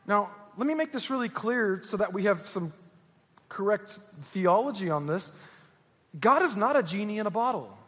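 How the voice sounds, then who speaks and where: High-voiced pastor preaching in a reverberant hall. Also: male voice, expressive, normal speed, fairly bright tone, husky. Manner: earnest, emphatic preaching with repetition. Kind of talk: sermon. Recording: echoey church hall.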